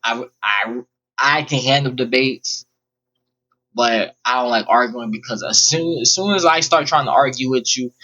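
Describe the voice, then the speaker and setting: A man's voice: medium pitch, sharp tone, breathy edge, muffled recording. A young man rambling bluntly and profanely through a personal storytime vlog. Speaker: vlogger. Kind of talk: casual storytime monologue.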